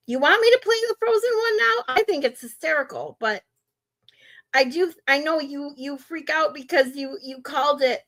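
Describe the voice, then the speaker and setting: A woman's voice: high voice, fairly bright tone. A woman hosting a live stream, chatty and often laughing. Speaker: streamer host. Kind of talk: casual live-stream chat.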